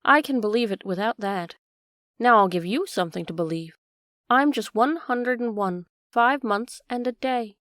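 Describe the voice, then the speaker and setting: A woman voicing a fussy, excitable old queen in a storybook reading. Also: fairly high pitch, moderate pace, no echo, clean studio sound.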